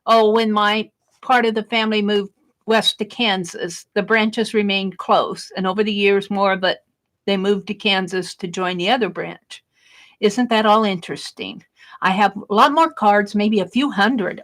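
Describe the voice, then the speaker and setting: A woman hosting a casual crafting live stream, exclaiming over mail and greeting viewers in chat. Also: mid-range voice.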